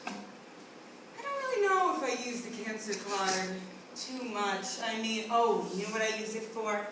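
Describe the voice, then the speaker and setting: A woman's voice: fairly high pitch, expressive, moderate pace. A woman delivering a profane comic monologue, blunt and wry. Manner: blunt, heavy swearing, wry. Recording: echoey room from a distance, noisy.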